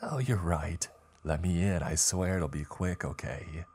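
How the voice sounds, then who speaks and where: A man's voice: sits low, expressive, unhurried, darkish tone, slight background noise. A man voicing a monster that imitates a young man's father in a coaxing, menacing, demonic way, in a horror story reading.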